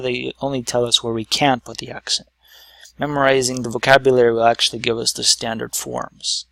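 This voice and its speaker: A man's voice: mid-range voice, gravelly, bright, forceful tone, dry recording. A man teaching a lesson at a whiteboard, explaining patiently step by step with some fillers.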